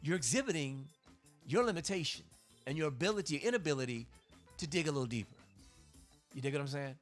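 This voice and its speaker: A man's voice: a little high, animated, fast talker, faint music behind. A man, a comedian hosting a livestream, talking in a casual monologue that is emphatic, profane and rambling, with restarts.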